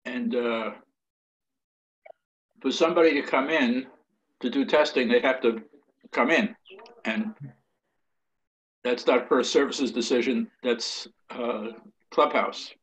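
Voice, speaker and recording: Dry-humored man, halting on a call. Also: medium pitch, a bit bright, lo-fi sound. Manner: dry joking, halting with many fillers. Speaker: community committee member. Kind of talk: casual chat over a call. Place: at home at a computer. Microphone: computer speaker and mic on a call.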